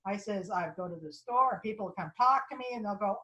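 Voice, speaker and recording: A woman lecturer telling a personal story, with halting restarts and repeated phrases, acting out the people she quotes. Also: medium pitch, poor audio. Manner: animated, voices the people in her story.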